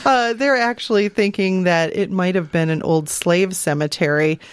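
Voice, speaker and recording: A woman co-hosting a podcast, relating a news story in a relaxed, matter-of-fact way with the odd pun. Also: fairly low pitch, normal speed, smooth, dry recording. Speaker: podcast co-host. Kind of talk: casual podcast chat.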